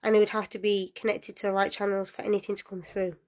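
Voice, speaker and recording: A young woman telling a personal story in a casual, lively way, often breaking into laughter. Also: medium pitch, quick pace.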